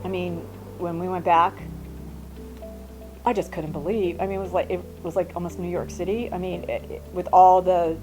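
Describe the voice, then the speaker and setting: A woman's voice: on the low side, moderate pace. Older woman, chatty storyteller with stop-start phrasing; faint music bed. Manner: chatty, animated, many restarts. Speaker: mother recalling travels. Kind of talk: casual storytelling.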